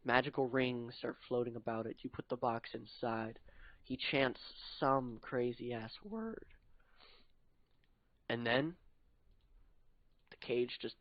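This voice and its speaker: A young man improvising a spoken story in the second person, slow and hushed, sometimes dropping to a murmur. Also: medium pitch, dry recording. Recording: dull dry lo-fi recording.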